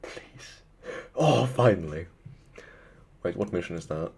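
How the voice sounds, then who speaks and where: A man live-streaming, chatting casually with his viewers, excitable and constantly swearing. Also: fairly low pitch, normal speed.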